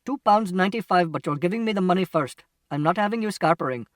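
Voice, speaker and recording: A man's voice: on the high side, expressive, moderate pace, dry recording, lightly acted. A man reading an audiobook, voicing an impatient, grumpy male shopkeeper who speaks curtly and sarcastically. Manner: curt, brusque, sarcastic. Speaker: audiobook reader. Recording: distant mic, dry sound.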